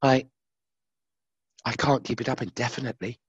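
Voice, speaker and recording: A man voicing a vain, defiant and lonely male angel who boasts loudly and then speaks in a hushed, secretive way, in a husky voice. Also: fairly low pitch, very animated, moderate pace, no room sound, highs cut off, heavily acted. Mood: hushed, confessing.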